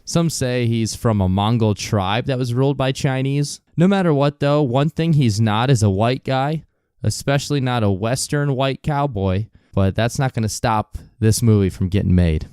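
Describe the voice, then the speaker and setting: A man hosts a casual podcast, telling a story in a loose, profane way and laughing often. His voice is smooth and clear, with a middling pitch. The sound is dry and close to the mic. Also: normal speed, a little mellow, no echo. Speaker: podcast host. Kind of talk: casual podcast chat, reading out a quote.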